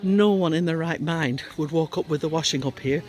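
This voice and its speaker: A man's voice: on the high side, a little fast, darkish tone. A man in his seventies, out of breath, chatting wryly and self-deprecatingly in a casual garden vlog, outdoors. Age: 70s. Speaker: gardening vlogger. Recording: faint outdoor noise, neighbours cutting trees. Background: faint sounds of tree work nearby.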